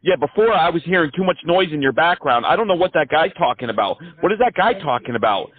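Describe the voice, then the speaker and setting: A man's voice: fairly high pitch, expressive, quick pace, slightly rough. A man making a prank phone call, sarcastic and mocking as he talks. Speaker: prank caller. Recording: tinny phone line.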